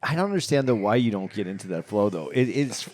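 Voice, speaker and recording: A man's voice: on the low side, animated, fast talker, a little mellow, slight background noise. A man in casual podcast chat, earnest and a little hesitant as he makes his point. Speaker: podcast co-host.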